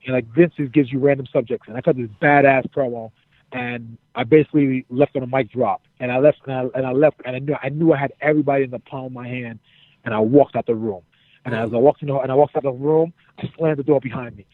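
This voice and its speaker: Animated man telling a story over a tinny line. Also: mid-range voice, brisk, dry recording. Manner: animated, acts out quotes, swears freely. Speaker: interview guest, former wrestler. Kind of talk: casual storytelling.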